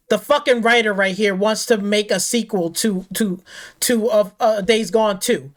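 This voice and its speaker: A woman's voice: medium pitch, measured pace. A woman hosting a gaming channel, ranting off the cuff in a heated, profane way, repeating herself and firing rhetorical questions. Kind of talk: angry off-the-cuff rant.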